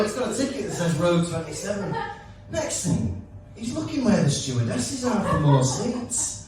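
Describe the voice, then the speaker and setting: A man's voice: high voice, big pitch swings, a little slow, noisy background. A man co-hosting a casual podcast chat before a live audience, telling jokey stories and laughing often. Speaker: podcast co-host. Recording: echoey live room, mic at a distance.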